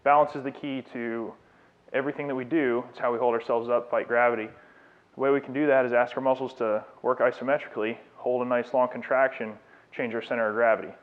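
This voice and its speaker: A fitness trainer with a mid-range voice and steady tone talks at a quick pace as he leads a live demonstration lecture, coaching a client through exercises in an encouraging, explanatory way. The fitness studio recording sounds tinny, like a phone.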